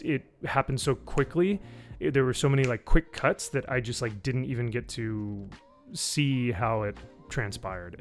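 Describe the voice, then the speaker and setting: A man giving a casual spoken review, rambling and swearing, with lots of fillers. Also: medium pitch. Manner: rambling, profane, with frequent fillers. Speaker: YouTube reviewer.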